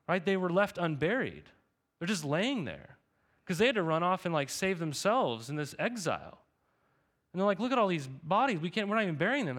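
Conversational pastor, man, slightly high voice. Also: fairly bright tone. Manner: conversational, repeats "right?" to the congregation. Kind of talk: sermon.

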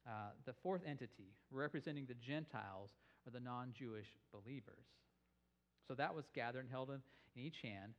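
Man teaching a sermon with animated storytelling. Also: medium pitch, muffled recording. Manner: animated storytelling, rising with emphasis. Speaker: pastor.

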